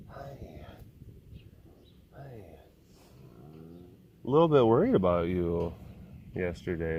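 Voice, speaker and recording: A man vlogging at a wild animal facility, cooing in high baby talk at the animals and joking between stories about them. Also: fairly even intonation, slow, pauses often, a little mellow, a little hiss or hum. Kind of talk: casual vlog talking to animals.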